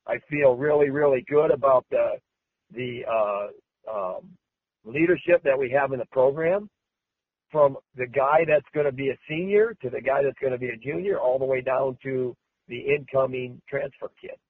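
A man's voice: medium pitch, moderate pace, breathy edge, no echo. A male American wrestling coach answering questions, emphatic and repetitive, with many restarts. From United States. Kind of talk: press interview. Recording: tinny phone-like sound.

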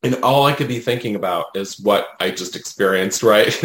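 A man, a guest medium, telling a personal story in a casual, animated way, often adding "you know" and "right?". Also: lowish voice, moderate pace, reverberant.

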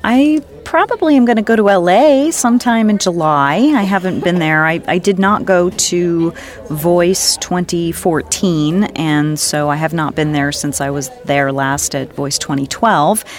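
Chatty American woman, slightly low voice. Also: a little slow. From United States. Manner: chatty, laughs easily. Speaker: voice actor, panelist. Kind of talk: casual podcast chat.

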